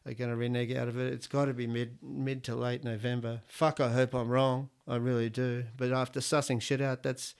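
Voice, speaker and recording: A man's voice: medium pitch, flat delivery, normal speed, gravelly, few pauses, clean tone. A middle-aged Australian man hosting a podcast on his own, rambling through jokes and opinions with plenty of swearing. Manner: crude, swearing, rambling joke-telling. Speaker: podcast host. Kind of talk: casual solo podcast monologue.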